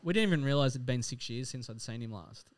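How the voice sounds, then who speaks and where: A man's voice: mid-range voice, animated, fast talker, a little hiss or hum. A man with an Australian accent, a father chatting casually on a podcast, swearing freely and rambling through loose anecdotes. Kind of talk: casual chat.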